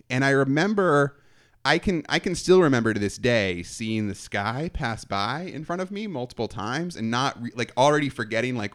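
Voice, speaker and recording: A man's voice: medium pitch, fairly bright tone. A man telling a self-mocking story from his college days in a casual chat, laughing often. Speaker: podcast storyteller.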